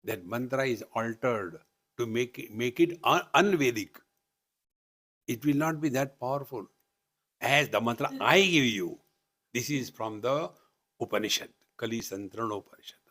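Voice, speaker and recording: A man's voice: medium pitch, expressive, normal speed, a bit bright. A man with an Indian English accent giving a live spiritual discourse at a retreat, teasing and chanting as he teaches. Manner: playful, teasing asides and chanting. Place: retreat hall.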